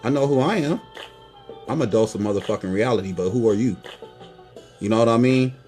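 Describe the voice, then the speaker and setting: A man's voice: medium pitch, expressive, brisk, darkish tone, soft background music. Profane, preachy man in his forties. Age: 40s. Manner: preachy, profane, repeats "boy" and "you know what I mean". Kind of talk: casual monologue to viewers.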